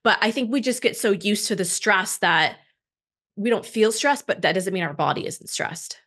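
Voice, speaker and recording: A woman hosts a casual podcast conversation in a mid-pitched voice. She talks in a chatty, animated way and often mimics her clients. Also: moderate pace. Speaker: podcast host.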